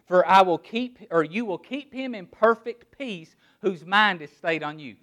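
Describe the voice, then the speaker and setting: A man preaching a sermon in a noticeably high voice. He stresses words one by one and poses rhetorical questions, then drops quiet and low to land his key points. He sounds middle-aged. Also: lively intonation, unhurried. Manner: emphatic preaching, word-by-word emphasis, rhetorical questions. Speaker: pastor.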